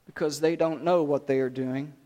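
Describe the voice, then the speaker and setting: A man voicing Jesus as a calm, suffering, dying man in a retold scripture scene. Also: fairly high pitch, natural voice. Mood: pleading. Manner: quiet, slow, then a loud anguished cry.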